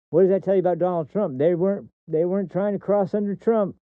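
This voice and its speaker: A man's voice: on the high side, fast talker, few pauses, no echo. Heated, profane man on tinny audio. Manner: repeats and restarts words mid-sentence. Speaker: streamer host. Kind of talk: political commentary livestream. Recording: dry, tinny phone-like audio.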